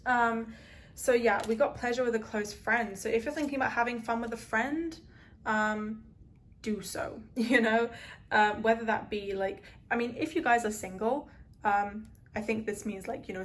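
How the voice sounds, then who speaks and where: In a slightly high, somewhat bright voice, a woman offers her viewers a pick-a-card tarot reading. She's earnest and emotional, and she rambles, peppering her speech with "um" and "like."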